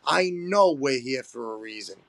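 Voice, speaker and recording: A man's voice: medium pitch, lively intonation, moderate pace, creaky, a bit bright, dry recording. A man in his thirties hosting a casual chat, talking in an emphatic, profane way and calling his guests bro. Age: 30s.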